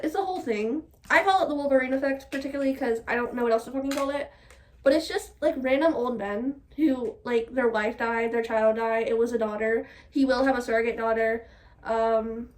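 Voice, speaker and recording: A young woman vlogging casually at home while doing her hair, talking in an animated, exasperated way, swearing often and laughing. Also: sits high, far from the mic. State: still a bit sick.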